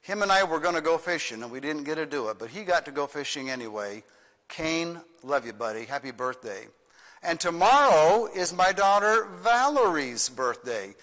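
An older man leads his congregation as their pastor, folksy and playful, with a bright, forceful voice pitched a little high. His words ring in a long church reverb, with soft guitar behind him. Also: very animated, normal speed. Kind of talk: children's song and church announcements.

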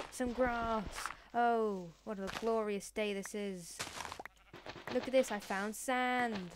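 A woman hosting a let's play, chattering randomly and sillily in a put-on voice. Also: on the high side. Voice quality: deliberately put-on voice. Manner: silly, rambling, random chatter to in-game pets. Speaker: gaming channel host. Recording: noisy recording with clicks.

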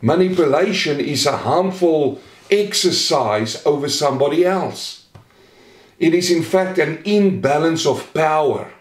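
A man preaching a Bible study sermon as pastor, earnest, slowing down to stress the scripture he quotes. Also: on the high side, animated. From Australia. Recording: echoey room.

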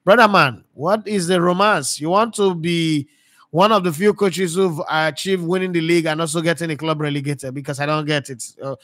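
A man with a Nigerian accent hosting a sports talk show, talking in a lively, emphatic way and often repeating words. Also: on the high side, no echo, studio quality.

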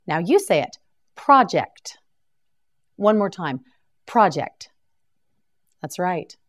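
Slow, lively-voiced woman vocabulary teacher. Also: mid-range voice. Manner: slow, carefully enunciated repetition with encouraging praise. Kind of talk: scripted vocabulary drill lesson.

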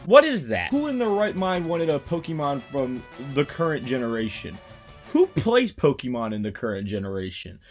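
Rambling man ranting for laughs. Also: medium pitch. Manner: rambling, with sudden loud outbursts. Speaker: video host. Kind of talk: casual comedic rant.

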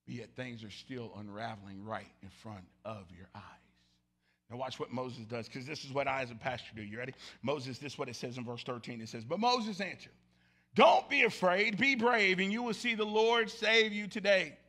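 A middle-aged man preaching a lively sermon, jumping between shouted lines and low, quiet asides. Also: normal speed. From Southern United States. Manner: animated storytelling, swinging from loud shouts to low murmurs. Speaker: pastor. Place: church sanctuary.

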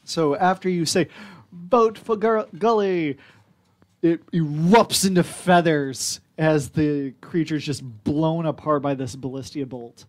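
A man running a tabletop game as game master, calmly giving rules calls and describing the action. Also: a little high, unhurried, hardly any pauses.

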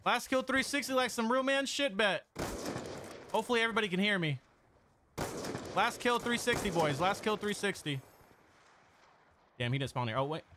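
A young man streaming a shooter game live, talking to his chat in excitable, profane trash talk. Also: sits high, normal speed, long pauses, background noise. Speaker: gaming streamer. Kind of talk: live-stream gameplay commentary.

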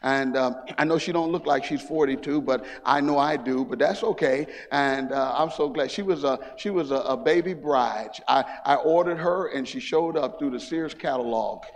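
A man's voice: mid-range voice, normal speed, hardly any pauses. A man in his sixties, a preacher telling folksy stories and then building into fervent preaching during a church service. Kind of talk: sermon. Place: church sanctuary. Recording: long reverb of a church hall.

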